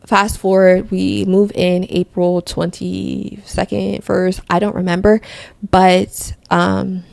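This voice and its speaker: Gravelly young woman telling a testimony. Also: mid-range voice, a little mellow, no echo. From Connecticut. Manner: rambling, self-correcting storyteller. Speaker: podcast host. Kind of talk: personal faith testimony, casual storytelling.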